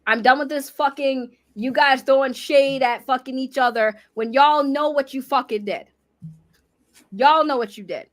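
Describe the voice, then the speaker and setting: Brief: high-pitched woman, heated swearing rant, stream clip. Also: normal speed. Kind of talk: livestream rant.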